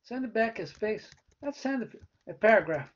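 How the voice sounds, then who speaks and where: Male professor, unhurried live-coding lecturer who checks in after each step, dull low-fi recording. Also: expressive. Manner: talks through code step by step, often asking "né?" or "right?".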